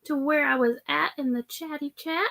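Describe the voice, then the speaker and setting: Southern lady hosting a craft livestream, higher voice, reads out comments, chatty. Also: fairly even intonation, normal speed, vocal fry, bright, forceful tone. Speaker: host. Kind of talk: casual live-stream chat.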